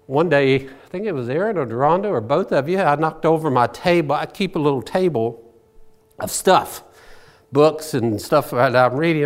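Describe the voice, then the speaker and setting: A man preaching a sermon as a pastor, telling the story in a folksy way with personal asides. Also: fairly high pitch.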